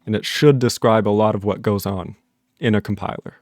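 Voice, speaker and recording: A man's voice: fairly low pitch, steady tone, fairly quick, darkish tone, no echo, studio quality. A man on a casual live stream, reading chat messages aloud, laughing often and puzzled by the jokes.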